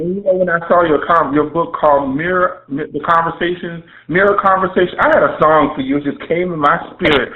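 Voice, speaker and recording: A man's voice: on the high side, fairly quick, few pauses. Effusive Southern man hosting radio. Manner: effusive, playful hype with Southern slang. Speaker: radio show host. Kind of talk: online radio interview introduction. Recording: tinny phone-line audio.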